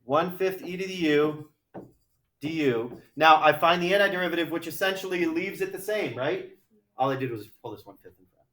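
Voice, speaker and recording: A man's voice: on the high side, moderate pace, fairly bright tone. A man teaching a math class, working problems aloud in a chatty, joking way. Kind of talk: classroom lecture. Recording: echoey classroom from far off.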